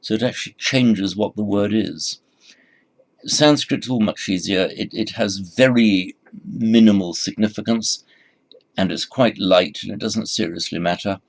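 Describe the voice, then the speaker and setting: Low, gravelly male lecturer. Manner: halting, repeats words, many fillers. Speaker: Sanskrit teacher. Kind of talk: recorded lecture.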